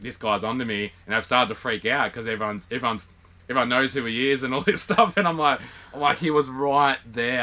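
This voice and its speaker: A young Australian man casually telling a story, acting out the dialogue with lively, animated quoting. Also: mid-range voice. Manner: animated retelling with quoted dialogue and laughs. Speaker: vlog co-host.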